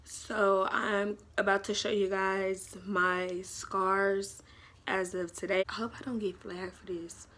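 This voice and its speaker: A woman's voice: medium pitch, takes it slowly. A woman vlogger dramatically retelling a story to her viewers in a casual storytime vlog. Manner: animated, dramatic retelling, talks to viewers as y'all.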